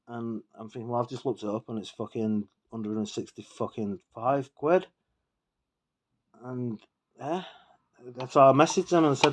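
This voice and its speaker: Bloke a bit drunk, rambling sweary rant, indignant, middle-pitched voice. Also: male voice, moderate pace. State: tipsy from drinking. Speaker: vlogger. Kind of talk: ranting casual monologue.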